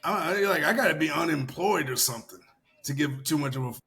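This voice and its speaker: A man casually chatting on a podcast, animated, laughing often and swearing freely. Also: fast. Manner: animated, mimics commenters in loud high-pitched yelling. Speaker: podcast co-host.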